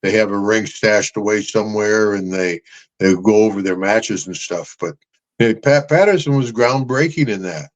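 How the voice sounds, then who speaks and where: A man's voice: on the low side, moderate pace, highs cut off. Older man, podcast host, rambling storyteller, chuckles a lot, says brother and man. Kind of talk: casual storytelling chat.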